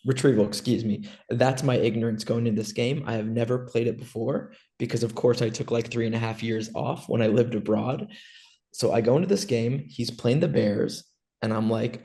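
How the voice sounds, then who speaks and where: Animated man telling a game story. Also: medium pitch, moderate pace. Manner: animated storyteller, acts out both sides of the talk. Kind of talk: casual podcast chat.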